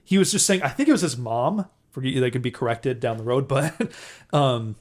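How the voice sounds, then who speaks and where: A young man co-hosting a casual film podcast. He speaks at an average pitch in a loose, agreeable way and laughs often. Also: lively intonation, normal speed, darkish tone. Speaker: podcast co-host. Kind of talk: casual film review chat.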